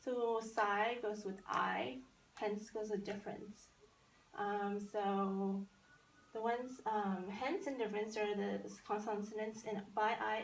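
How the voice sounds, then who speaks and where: A woman giving a classroom poetry lesson, spelling words out and repeating them slowly for young learners. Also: medium pitch, creaky. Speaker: teacher. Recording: echoey room with faint noise.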